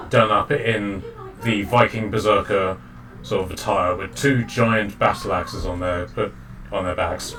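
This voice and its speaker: A man's voice: lowish voice, fairly bright tone. A man narrating a tabletop game as dungeon master, rambling with many ums and restarts. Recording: distant mic with faint noise.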